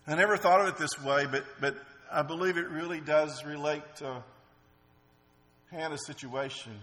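Earnest preacher in an echoing hall. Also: male voice, a little high, moderate pace, a bit bright. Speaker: pastor. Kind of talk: sermon. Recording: long reverb in a large hall.

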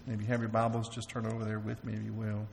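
A man preaching a sermon as pastor, halting and repeating words while he asks the congregation questions. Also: on the low side, completely flat delivery, gravelly, a little mellow, slight background noise. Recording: long reverb of a large hall.

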